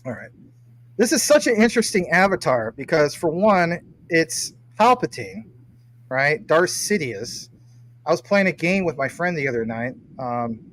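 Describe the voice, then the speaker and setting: A man's voice: a little high, fairly bright tone, low-quality recording. A man hosting a casual livestream, reading viewer comments and teasing his guest playfully. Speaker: livestream host.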